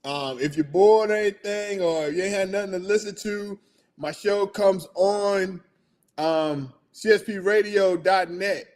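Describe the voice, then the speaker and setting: A middle-aged man ends his own podcast in a high-sitting, darkish voice with fairly even intonation and a slightly slow pace. The sign-off is loose and rambling, full of chuckles, and his throat is failing him.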